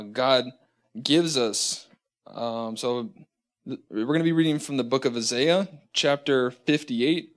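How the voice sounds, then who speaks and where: A man teaching a church lesson from notes, talking haltingly with many fillers and restarts, and reading scripture slowly and deliberately. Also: mid-range voice.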